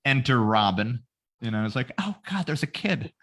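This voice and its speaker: Animated man doing profane comic retellings. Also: medium pitch, normal speed. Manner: profane comic retelling with exaggerated character voices. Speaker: podcast host. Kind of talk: casual comedic podcast chat.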